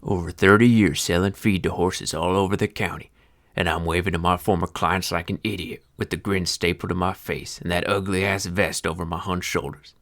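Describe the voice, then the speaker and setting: An actor playing a bitter old horse-feed seller near seventy, who narrates in a deep voice with an old-timey Western twang and talks in a grumbling, sardonic, cursing folksy way. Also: male voice, fairly even intonation, moderate pace, creaky, fairly bright tone. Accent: old-timey Western American twang. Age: older. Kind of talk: film narration.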